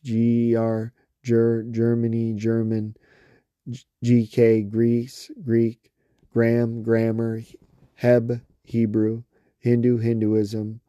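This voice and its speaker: Man, monotone word-list reading, very dark tone, dry close sound. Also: mid-range voice, smooth, no echo. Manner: flat steady list reading with slips and restarts. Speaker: reader.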